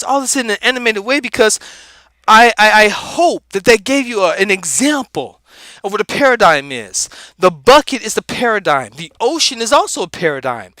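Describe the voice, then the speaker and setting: A man puts on a laid-back, street-talking comedic guy with a very high, bright, forceful voice. He preaches in an animated way and spits out strings of repeated words. The sound is dry and close. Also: no echo, heavily acted. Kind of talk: animated motivational rant.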